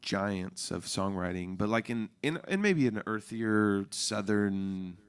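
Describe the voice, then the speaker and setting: A deep-voiced man from Oregon, sitting as the musician guest in a radio studio. His voice has a gravelly fry at the bottom. He chats loosely and playfully, trading jokes throughout a casual interview. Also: slow.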